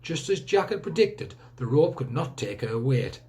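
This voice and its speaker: A male teacher reading a children's book aloud with expressive storytelling. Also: mid-range voice, moderate pace.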